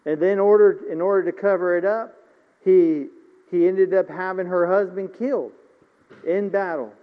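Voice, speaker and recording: A man's voice: sits high, fairly even intonation, normal speed. A man preaching a sermon, retelling a story and then reading scripture aloud with rising force. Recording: muffled recording with long reverb.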